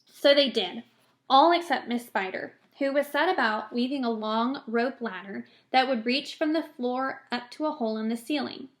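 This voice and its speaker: A woman teacher reading a children's novel aloud in a clear, steady storytelling manner. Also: on the high side, moderate pace. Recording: roomy echo.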